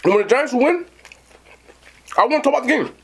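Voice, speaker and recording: A man with a husky voice tells a long story in a lively way, his pitch jumping up and down. He talks straight to his chat in a casual, animated tone, as a host of his own eating show. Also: fairly quick. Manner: animated, talks to viewers directly. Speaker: mukbang host.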